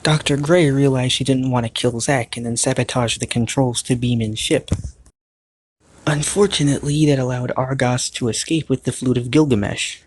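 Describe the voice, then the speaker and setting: In a mid-range voice at a moderate pace, a YouTube reviewer recaps a cartoon series, keeping things playful with jokey asides to the viewer. He gets louder and more animated as the climax arrives.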